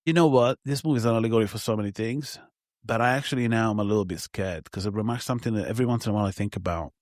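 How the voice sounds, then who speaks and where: A man co-hosting a film podcast in casual conversation, animated, laughing through his stories and swearing often. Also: fairly low pitch, racing, dry recording, studio quality.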